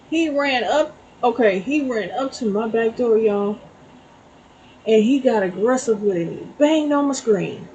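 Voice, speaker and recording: A woman's voice: sits high, animated, moderate pace, a little mellow, dull audio, a little hiss or hum. A middle-aged woman giving a casual spiritual tarot reading, telling a story and checking in with "okay?". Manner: chatty, storytelling, frequent "okay?" asides. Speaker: tarot reader.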